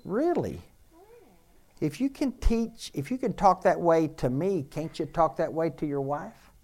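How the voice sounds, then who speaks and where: A man's voice: on the high side, normal speed, a little mellow. A man, a pastor, preaching a sermon in a conversational way and repeating key phrases for emphasis.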